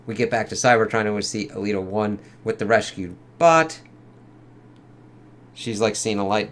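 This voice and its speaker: A man's voice: lowish voice, normal speed, long pauses, a bit bright. A man giving a loose, casual spoken review of a comic book, swearing freely and leaning on fillers. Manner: loose and profane, lots of fillers.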